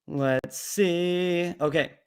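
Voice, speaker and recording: A man's voice: high voice, steady tone, very slow, smooth. A young man hosting a casual live question-and-answer stream about coding, talking bluntly and jokingly with plenty of fillers.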